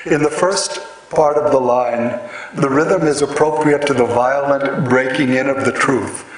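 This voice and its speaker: Slow, measured man lecturing in an echoey hall. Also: medium pitch. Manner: measured, explanatory, with frequent pauses and fillers. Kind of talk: lecture on poetic rhythm. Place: hall with audience. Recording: echoey hall, voice from far off, audience present.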